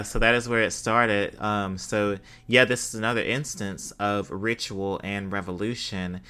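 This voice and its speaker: A man's voice: on the low side, steady tone, a little slow, few pauses, sharp tone, clear, resonant tone. A man giving a casual spoken history talk, hesitant, with frequent fillers and self-deprecating asides.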